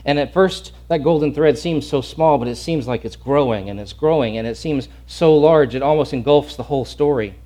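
A man's voice: mid-range voice, normal speed, hardly any pauses, dark tone. A male pastor preaching a sermon in an earnest, emphatic way, often restarting and repeating words.

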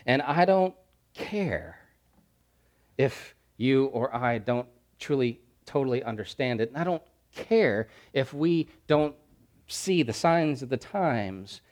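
A man delivers a sermon from the pulpit, his mid-pitched voice swelling into loud, insistent repeated phrases. He then pulls back to hushed, slower lines for weight. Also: animated. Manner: preaching with swelling emphatic repetition and dramatic drops to quiet. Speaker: pastor.

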